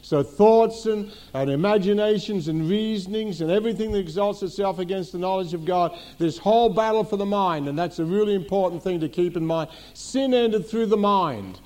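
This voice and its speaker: A man's voice: high-pitched, moderate pace, few pauses, darkish tone. A middle-aged man, senior pastor of a church, preaching a teaching sermon to a congregation, repeating key phrases and asking rhetorical questions.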